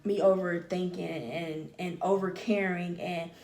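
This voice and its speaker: A woman's voice: fairly low pitch, fairly even intonation, unhurried, a little mellow, reverberant, distant mic. A woman hosting a podcast, talking openly and emphatically about her feelings and repeating phrases to drive her point home. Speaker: podcast host. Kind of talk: personal monologue on healing.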